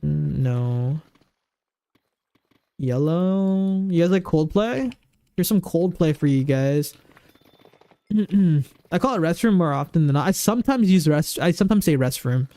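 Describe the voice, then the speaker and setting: Male streamer, pitched high with a warm tone, chatty and rambling as he answers his viewers. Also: lively intonation, measured pace, pauses often, no echo. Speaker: game streamer. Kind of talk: casual live-stream chat. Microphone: desk microphone.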